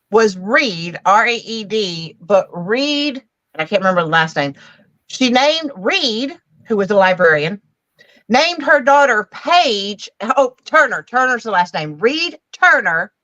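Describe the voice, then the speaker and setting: A woman in a casual live book chat who rambles through her stories with halting restarts. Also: on the high side, fairly bright tone, no room sound, lo-fi sound.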